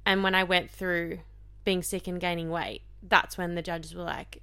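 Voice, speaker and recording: A woman's voice: lowish voice, level tone, moderate pace, pushed and bright, smooth, no room sound. A young woman co-hosting a podcast, talking casually and candidly with lots of fillers. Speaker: podcast co-host. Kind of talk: casual chat.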